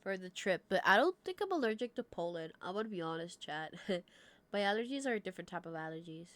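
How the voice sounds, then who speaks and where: A woman's voice: fairly low pitch, very animated, fast, a bit bright. A young adult woman livestreamer chatting casually with her viewers at a desk mic. She laughs often and swears freely. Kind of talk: casual chat with stream viewers.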